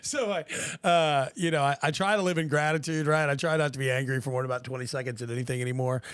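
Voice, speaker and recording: A man's voice: medium pitch, fast talker, smooth, dry recording. A man who works at a car dealership, chatting casually on a podcast and telling stories with acted-out quotes. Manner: animated storyteller who acts out quotes.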